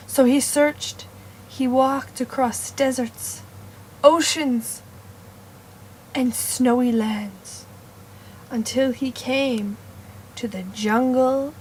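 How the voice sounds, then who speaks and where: A woman making up a story on the spot, playful and meandering, with sudden loud bursts and whispered asides. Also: fairly high pitch, slight background noise. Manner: meandering, self-correcting. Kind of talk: improvised storytelling.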